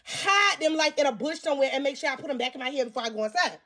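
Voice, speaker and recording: A woman vlogger telling an embarrassing storytime. She is crude and self-mocking, talks straight to her viewers, and turns loud when she teases herself. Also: high voice, rapid-fire. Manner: animated, loud bursts when teasing herself. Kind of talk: storytime vlog.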